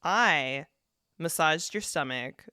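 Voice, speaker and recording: A woman's voice: sits low, animated, slow pace, bright, forceful tone, clean tone, dry recording, clean studio sound. A woman co-hosting a podcast in casual chat, rambling and often laughing. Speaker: podcast co-host.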